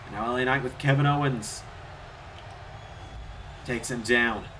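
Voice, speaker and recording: A man giving solo play-by-play commentary over a wrestling video game, getting louder and higher at the big moves. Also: unhurried, a little hiss or hum. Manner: excitable, rises in pitch and volume at big moves.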